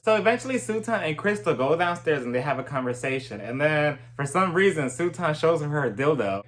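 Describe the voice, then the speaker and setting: A man's voice: on the high side, lively intonation, a little fast, hardly any pauses, fairly bright tone. A young man giving a sassy, gossipy recap of a reality TV episode in a casual, playful way. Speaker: reality TV reviewer.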